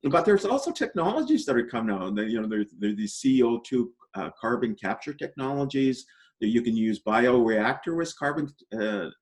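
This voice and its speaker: A man answering interview questions in an easy, measured way, often tagging points with "right?" and "you know". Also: medium pitch, big pitch swings. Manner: optimistic explainer. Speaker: interview guest.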